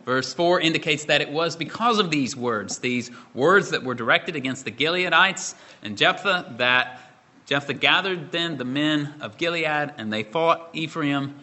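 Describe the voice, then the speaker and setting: Bright-voiced preacher man, measured. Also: on the high side, animated. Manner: measured expository preaching with rhetorical questions. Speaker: pastor. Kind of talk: sermon.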